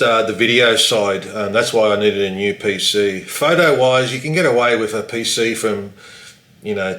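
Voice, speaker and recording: A man's voice: on the low side, sharp tone, roomy sound, poor audio. A man chatting casually in a rambling, self-deprecating vlog, swearing lightly. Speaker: vlogger.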